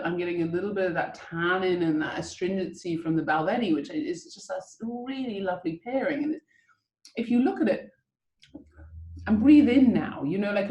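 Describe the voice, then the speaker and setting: A woman's voice: mid-range voice, warm tone, reverberant, lo-fi sound. A woman hosting a guided whisky and chocolate tasting over a video call, chatty and enthusiastic as she coaches the listeners.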